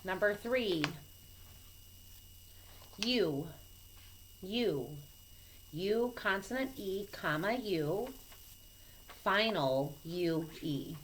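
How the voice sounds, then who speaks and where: A woman teacher giving a recorded phonics lesson to children, speaking slowly and patiently and spelling out each letter clearly. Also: mid-range voice, expressive, a little hiss or hum, rough recording. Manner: slow, patient and clearly enunciated. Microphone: camera mic.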